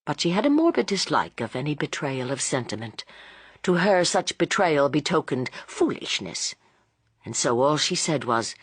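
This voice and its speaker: A woman narrating a classic novel as an audiobook, in a measured, expressive storytelling voice. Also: low voice, slightly rough, dry recording. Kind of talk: scripted narration.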